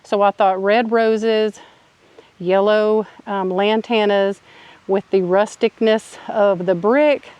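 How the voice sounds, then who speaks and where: A woman's voice: mid-range voice, fairly even intonation, takes it slowly, darkish tone, smooth, dry recording, highs cut off. A woman chatting casually and enthusiastically while working in her yard, folksy and a little out of breath at times. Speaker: vlogger. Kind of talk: casual chat while gardening. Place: outdoors in a yard.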